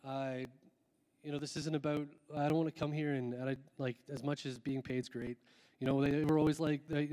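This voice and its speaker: A man's voice: mid-range voice, steady tone, moderate pace. A man who is a worship pastor, talking earnestly and rambling from the stage of a church, with lots of fillers and restarts. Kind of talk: casual talk from the stage before a song. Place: church hall with a long, echoing reverb. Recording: echoey hall with soft music behind.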